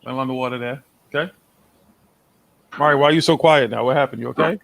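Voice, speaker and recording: A man's voice: mid-range voice, fast talker, creaky, fairly bright tone, no room sound. A man with a Boston accent hosting a live stream, teasing and swearing in casual chat. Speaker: stream host.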